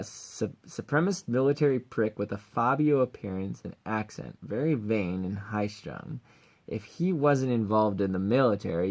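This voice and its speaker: Laid-back, slow-talking guy vlogging. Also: medium pitch, a bit bright. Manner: laid-back, crude and joking. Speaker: voice acting YouTuber. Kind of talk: casual vlog commentary.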